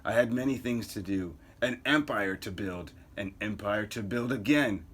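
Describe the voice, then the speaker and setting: A man's voice: normal speed, breathy edge. A man voicing a scheming, condescending young male villain in a comic book reading. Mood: cold. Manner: low, quiet, condescending.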